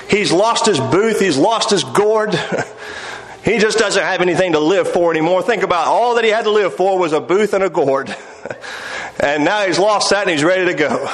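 A high-pitched male preacher delivers a sermon with emphatic, drawn-out phrasing and quiet chuckles. His voice rings through a roomy hall with a lot of echo. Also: slight background noise.

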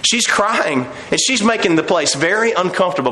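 A man's voice: sits high, expressive, fairly quick, pushed and bright, reverberant. A man preaching a sermon with fervor, acting out voices and laughing now and then. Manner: fervent preaching, acts out quoted voices, laughs often.

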